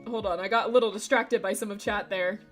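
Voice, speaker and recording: A woman's voice: mid-range voice, steady tone, fast talker, soft background music. A woman streamer chatting casually with her live chat, playful and rambling, laughing often between remarks.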